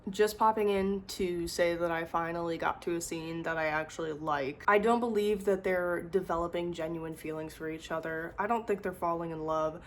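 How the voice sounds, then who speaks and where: A woman's voice: fairly low pitch, steady tone, normal speed, few pauses, slight background noise. Young woman, drawl, casual vlog rant, frustrated, laughing. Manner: exasperated, ranting, laughing. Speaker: book vlogger.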